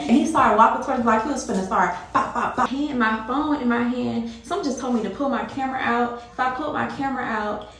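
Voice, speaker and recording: A woman's voice: on the high side, a little fast, a bit bright, recorded from a distance, slight background noise. A woman vlogger telling a personal story to her viewers in a casual, emphatic way, repeating herself and addressing them directly. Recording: very echoey room.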